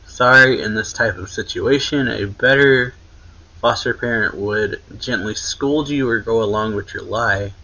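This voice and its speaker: A man's voice: fairly low pitch, unhurried, bright, forceful tone, dull audio. A young man casually retelling a manga chapter in a rambling, filler-heavy way, with many restarts. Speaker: anime reaction channel host.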